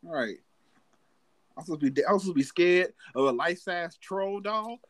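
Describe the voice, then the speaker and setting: A man hosting a casual podcast chat, animated and profane, laughing often. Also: high voice, moderate pace, no room sound. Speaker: podcast host.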